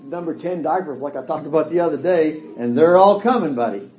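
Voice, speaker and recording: A man's voice: on the high side, animated, a little fast, few pauses, dark tone, slight background noise. A middle-aged man preaching a sermon in a church hall, emphatic and folksy, voicing quoted dialogue as he goes. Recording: echoey hall.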